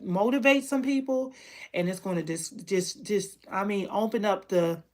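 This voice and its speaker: A woman's voice: medium pitch, moderate pace, darkish tone. Candid woman telling her story. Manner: emotional, candid, repeats herself. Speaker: candle maker and online teacher. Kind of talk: personal storytelling to camera.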